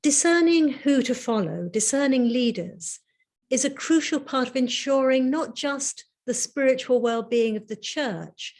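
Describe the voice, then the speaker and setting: Measured woman giving a reflective lecture. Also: high voice, a little mellow. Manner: measured, reflective, with rhetorical questions. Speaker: lecturer, Anglican priest and dean. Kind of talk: prepared lecture.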